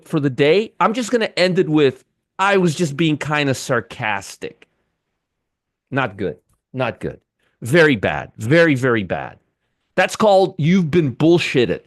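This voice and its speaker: A man in his fifties hosts a livestream of market commentary, sarcastic and exasperated as he rants. His pitch leaps and drops all over the place. The sound is dry and close, with no room around it. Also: dry recording.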